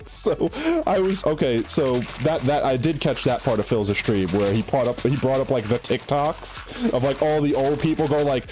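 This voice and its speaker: A man's voice: mid-range voice, lively intonation, unhurried, a little mellow. A male streamer chatting casually with his viewers while gaming, rambling, restarting his sentences and breaking into giggles. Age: adult.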